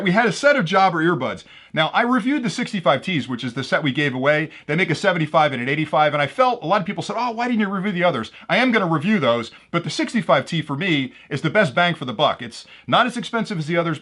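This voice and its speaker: A man's voice: a little high, bright, forceful tone. A man hosting his own channel, casually announcing giveaway winners and telling jokes he laughs at himself. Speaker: drone channel host.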